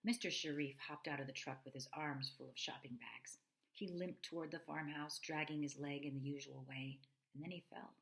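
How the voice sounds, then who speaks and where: Low, gravelly woman reading a storybook aloud. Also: normal speed, poor audio. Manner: expressive, with asides to listeners. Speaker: reader. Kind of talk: reading a children's novel aloud.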